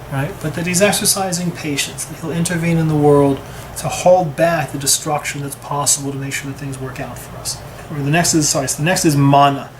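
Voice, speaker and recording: A man teaching a relaxed Torah class, talking conversationally, often checking in with "right?" and acting out quoted lines. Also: a little high, background noise. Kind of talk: casual Torah class lecture.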